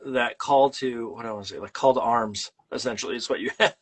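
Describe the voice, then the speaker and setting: A man hosting a casual chat, pausing often and searching for his words. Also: medium pitch, breathy edge. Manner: hesitant, searches for words with many "uh" and "um". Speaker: podcast host.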